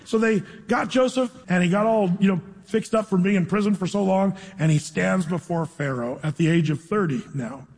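A man preaching a sermon, reading scripture slowly and dramatically, then retelling the story in a casual, storytelling way. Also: sits high, darkish tone. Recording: long reverb of a large hall.

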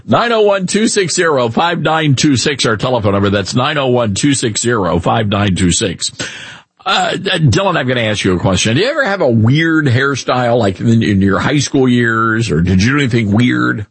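A middle-aged man hosting a radio talk show, chatting in an animated, joking, rambling way. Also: mid-range voice, normal speed, breathy edge, no room sound. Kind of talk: casual opinion talk.

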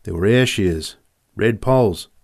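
A man's voice: fairly low pitch, takes it slowly, gravelly, darkish tone. A man narrating a story in a vivid, descriptive reading.

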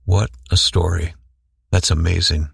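A man with a very deep, gravelly voice hosts an interview. He guides his guest with short, probing questions. His voice sounds dry and close to the mic. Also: little pitch movement, unhurried, no room sound.

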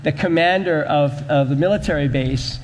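A man's voice: a little high, normal speed, in a large hall. A man pastor preaching a sermon in a church, with rhythmic, repetitive emphasis.

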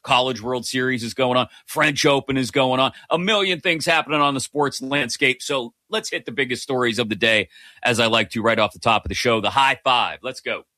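A man hosting a live sports talk radio show, upbeat and energetic as he runs through the day's stories at a studio microphone. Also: mid-range voice, brisk, no echo. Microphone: close studio microphone.

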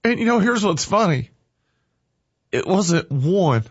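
A man's voice: sits high, big pitch swings, slow, pauses often, husky, no room sound, muffled recording. A man speaking emotionally on air, fighting back tears as he talks in a fervent, folksy way. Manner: fervent, tearful, folksy and heartfelt. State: teary-eyed, crying.

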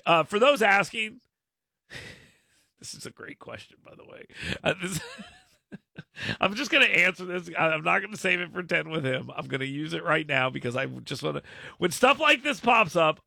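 Talk radio host, male, gravelly and bright, dry close sound, emphatic. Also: a little high, no echo. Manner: emphatic, repeats words when starting a point.

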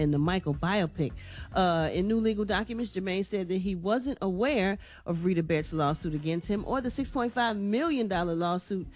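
A woman hosting an entertainment news segment on a morning radio show, chatty and casual. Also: medium pitch. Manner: chatty, casual, uses "y'all".

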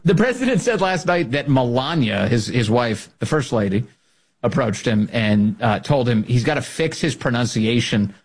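A man with a mid-pitched, husky voice hosts a casual political commentary show. He talks in a mocking, animated way, with sudden jumps up into a high voice to land a point. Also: normal speed. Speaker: podcast host.

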